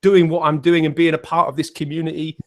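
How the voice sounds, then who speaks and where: A man's voice: on the high side, flat delivery, fast talker. English male guest on a video call, rambling and self-deprecating, restarts often. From England. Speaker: guest musician. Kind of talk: casual online panel chat.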